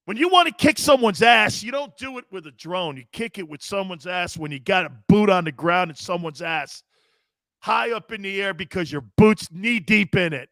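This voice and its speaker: A man's voice: high voice, animated, normal speed, dry recording, clean studio sound. A middle-aged man hosting a sports talk show, hollering his opinions, swearing freely and hammering the same catchphrases. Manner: loud, hollering and profane; emphatic, repeats catchphrases.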